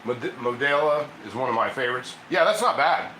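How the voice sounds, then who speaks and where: A man's voice: medium pitch, animated, fairly quick, bright, forceful tone, roomy sound, a little hiss or hum, low-quality recording. A man from Ohio hosting a casual cooking livestream from his home kitchen, rambling and chatting with viewers as he reads their comments.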